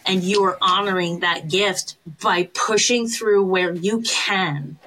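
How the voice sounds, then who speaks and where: A woman co-hosting a podcast, talking earnestly and encouragingly in casual chat, with quick laughs and the odd swear word. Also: on the low side, sharp tone, slight background noise, rough recording. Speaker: podcast co-host, recovery sponsor.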